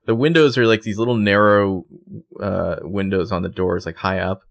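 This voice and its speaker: A man's voice: lowish voice, steady tone, normal speed, creaky. A man co-hosting a podcast, casually retelling a TV episode with lots of fillers. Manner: rambling, filler-heavy retelling. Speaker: podcast co-host. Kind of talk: casual TV recap chat.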